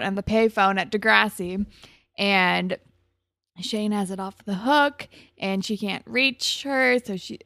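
A woman's voice: medium pitch, dry recording, studio quality. A woman co-hosting a podcast, retelling a TV episode in casual chat with "like" fillers and small restarts. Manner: steady plot summarizing with "like" fillers and small restarts. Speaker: podcast co-host.

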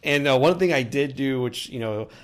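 A man's voice: medium pitch, normal speed. A man, a podcast co-host in casual chat, telling stories animatedly and laughing often. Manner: animated storyteller who acts out quotes and laughs often.

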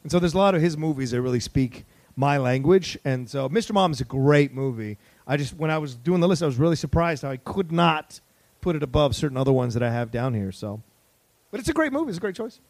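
Middle-aged guy, gravelly voice that jumps all over, teasing his cohost. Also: fairly high pitch, quick pace, no room sound. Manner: animated, playful teasing, swears casually. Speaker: podcast co-host. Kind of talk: casual movie-ranking chat.

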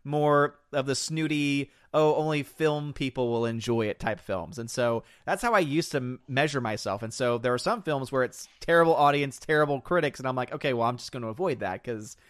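A man's voice: mid-range voice, animated, fairly quick, hardly any pauses, smooth, dry recording, studio quality. A man hosting a casual podcast, rambling about films, laughing often and acting out quotes. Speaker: podcast host reading chat. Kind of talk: casual chat.

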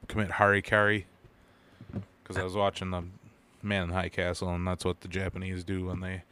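A man's voice: sits low, monotone, brisk, pushed and bright, clean tone. A man with an Upper Midwest American accent, co-hosting a casual podcast and telling crude, rambling stories full of swearing. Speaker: podcast co-host.

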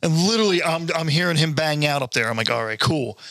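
A man's voice: on the high side, fast talker, no echo. A man telling a crude story on a casual podcast, laughing often and acting out the other people in it. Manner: animated, laughs often, acts out voices in stories. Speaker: podcast co-host.

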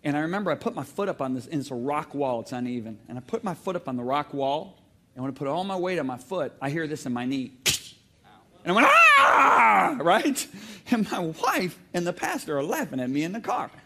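A male preacher on stage at a church, his voice sitting a little high and swinging widely in pitch as he tells stories. He preaches in an animated way, breaks into loud exclamations and gets the congregation to call out answers. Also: a little fast. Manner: calls on the congregation to shout back. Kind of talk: sermon. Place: church hall before a congregation.

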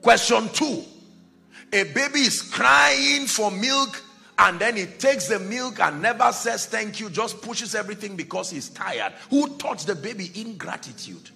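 A man preaching a sermon as pastor, dramatic, dropping to a hush and rising to shouts, acting out the people in his stories. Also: sits high, expressive, measured pace, creaky, faint music behind. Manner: acts out Bible characters in quoted dialogue.

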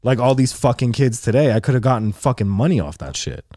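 Young male co-host, casual storyteller, profane, lively, dry close mic. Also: mid-range voice, fast talker, no room sound. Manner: animated, profane, acts out quotes. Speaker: podcast co-host.

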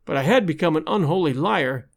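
A man narrating a classic adventure novel in a measured, even storytelling manner. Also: fairly high pitch, creaky. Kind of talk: scripted audiobook narration.

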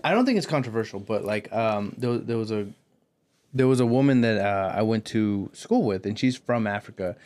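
A man's voice: on the low side, lively intonation, moderate pace, darkish tone. A young man from Laredo, Texas, co-hosting a podcast in a casual, blunt, swearing chat with stammering restarts. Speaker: podcast co-host.

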